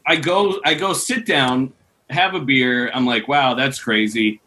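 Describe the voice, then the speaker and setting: A man telling a long, animated story on a podcast, laughing often as he goes. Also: medium pitch, unhurried. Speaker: podcast co-host. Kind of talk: casual storytelling.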